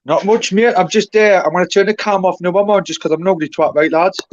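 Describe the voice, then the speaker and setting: A man's voice: high voice, fast. A Geordie man on a live stream, rambling and blunt, swearing often and mocking himself in casual banter. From North East England. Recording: dry, dull lo-fi stream audio.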